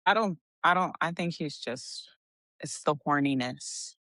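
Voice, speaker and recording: A woman's voice: sits low, measured pace, fairly bright tone, no room sound, studio quality. A woman co-hosting a book podcast who joins the chat casually and tends to trail off mid-thought. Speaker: podcast co-host. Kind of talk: casual discussion.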